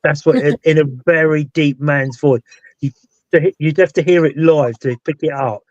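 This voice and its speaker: A man's voice: on the high side, steady tone, moderate pace, a little mellow, dry recording. British male host, casual rambling live-stream talk, dead dry muffled recording. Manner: rambling, loses his thread and restarts. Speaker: paranormal investigator and show host. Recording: dull dry lo-fi sound.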